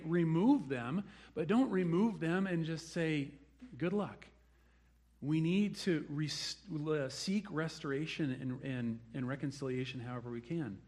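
A man's voice: a little high, a little mellow. A man preaching a sermon, telling the story with animation and acting out the people he quotes. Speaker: pastor.

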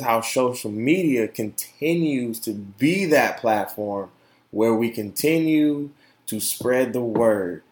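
A man hosts his own podcast in an impassioned, cursing rant that keeps doubling back on its words. He talks slowly, and his pitch jumps wildly between quiet, low asides and loud, high outbursts. The room around him rings with echo. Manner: impassioned, profane, repeats words, swings from shouting to quiet. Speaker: podcast host. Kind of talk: casual opinion podcast monologue.

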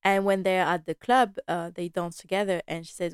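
Chatty woman with a smooth, dry voice. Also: lowish voice, a little fast, few pauses, dry recording. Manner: chatty and animated, laughing often, slipping into quoted lines. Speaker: podcast host recapping a TV drama. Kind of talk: casual chat.

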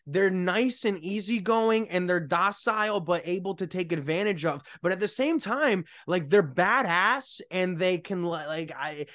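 A man's voice: high-pitched, a bit bright. A man hosting a podcast, chatty and rambling in casual conversation. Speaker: podcast host.

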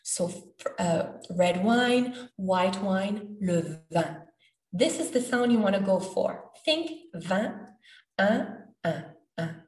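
Patient woman teaching sounds. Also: medium pitch. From Quebec. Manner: patient, demonstrates sounds slowly. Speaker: French pronunciation teacher. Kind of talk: podcast lesson. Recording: roomy, from a distance.

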